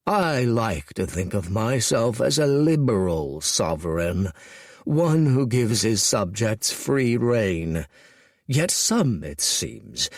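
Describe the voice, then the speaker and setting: A man's voice: fairly low pitch, husky, dry recording, clean studio sound, full character voice. A man voicing a pampered, cruel male God King who drawls languidly and complains with cold menace underneath. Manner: languid, self-pitying, coldly menacing.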